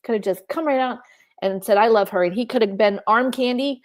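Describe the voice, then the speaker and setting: Animated woman co-host with a slightly high voice, casual livestream chat over a home mic. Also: a little fast. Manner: animated, laughs often, puts on mock voices for jokes. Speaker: podcast co-host. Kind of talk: casual fan discussion livestream. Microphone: home mic on a video call.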